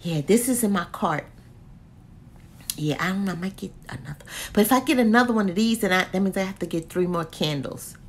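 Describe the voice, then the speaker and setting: A woman's voice: medium pitch, a little fast, slight background noise. A woman reviewing a candle in a casual, slangy vlog full of laughs. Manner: animated, slangy, laughs often.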